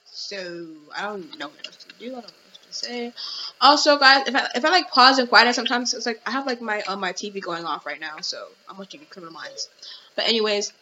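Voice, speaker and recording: A woman's voice: fairly high pitch, lively intonation, brisk, bright, forceful tone. A young woman hosting a casual podcast, rambling with many restarts and fillers, recorded at home. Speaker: podcast host. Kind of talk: casual commentary. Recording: dull lo-fi audio with faint noise.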